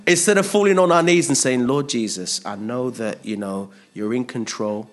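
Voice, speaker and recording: A man preaching a sermon, animated, acting out quotes in different voices and laughing at himself. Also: medium pitch, moderate pace.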